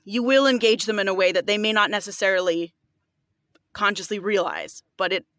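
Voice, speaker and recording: A woman voiceover artist speaks earnestly in a relaxed podcast chat, peppering her points with filler words. Her voice is at a middle pitch and recorded dry and close. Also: brisk, dry recording. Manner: earnest, lots of filler likes. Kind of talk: casual podcast conversation.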